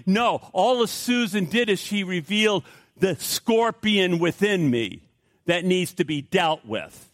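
A man's voice: high voice, animated, unhurried, fairly bright tone, no room sound, studio quality. A middle-aged male pastor preaching a sermon in an emphatic, repetitive way with rising outbursts.

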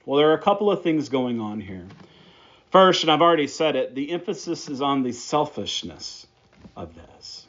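A man's voice: on the high side, very animated, moderate pace, a bit bright, lo-fi sound. A man preaching a sermon, praying and then teaching through a Bible passage with emphatic, repeated phrases. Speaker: pastor.

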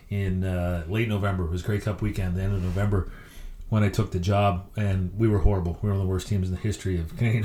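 A middle-aged man, a hockey coach, telling stories as a guest in an interview with a lively, anecdotal delivery. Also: fairly low pitch, reverberant, slight background noise. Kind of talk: storytelling interview.

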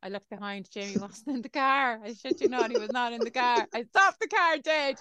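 An Irish mother chatting on a podcast, her voice a little high and clean and smooth. She tells family stories in a lively, chatty way. The sound is dry and close. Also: a little fast, dry recording. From Ireland. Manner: chatty storyteller, animated when telling anecdotes. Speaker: podcast co-host. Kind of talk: casual chat.

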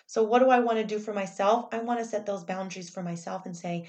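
A woman's voice: on the high side, brisk, a little mellow. A woman speaking in a candid, reflective personal monologue, retelling her own thoughts aloud as she works through a lesson.

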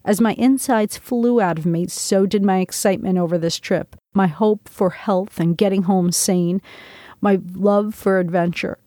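A woman's voice: medium pitch, steady tone, a little slow, warm tone, no room sound, clean studio sound. A woman reading her own memoir aloud in the first person, with an intense, dramatic storytelling delivery. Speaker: memoir narrator.

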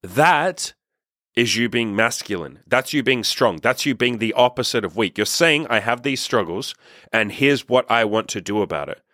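A man's voice: medium pitch, expressive, normal speed, pushed and bright, no room sound, clean studio sound. A young man hosting a podcast, giving a blunt, emphatic motivational monologue with casual swearing. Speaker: podcast host.

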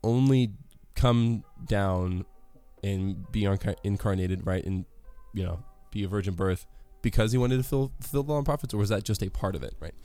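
A man's voice: lowish voice, normal speed, warm tone, dry recording, soft background music. A man giving a casual devotional talk on a worship song, rambling and correcting himself with many fillers.

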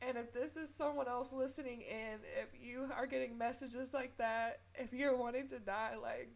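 A woman's voice: on the high side, fairly even intonation, normal speed, hardly any pauses. A young woman hosting a podcast, sharing a personal testimony in an earnest, tearful way and offering faith-filled encouragement. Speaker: podcast host.

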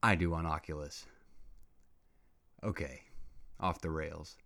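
Man, deep voice, slow drawl, solo comedy podcast host, rambling, excitable, slangy. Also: creaky.

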